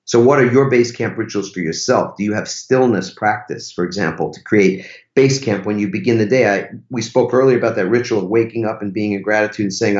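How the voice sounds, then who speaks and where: A man's voice: lowish voice, darkish tone. A man who is a podcast guest, speaking in an emphatic, casual way and using rhetorical questions. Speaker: podcast guest, relationship teacher. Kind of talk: casual conversational interview. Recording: roomy, slightly dull sound.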